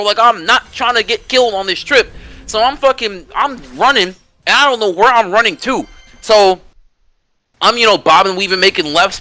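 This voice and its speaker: A man telling a long personal story in casual podcast chat, animated and profane and full of slang. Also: high-pitched.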